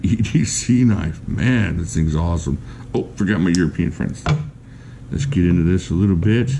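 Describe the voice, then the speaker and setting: A man giving a casual, chatty knife review, enthusiastic and quick to laugh. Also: fairly low pitch, warm tone, a little hiss or hum.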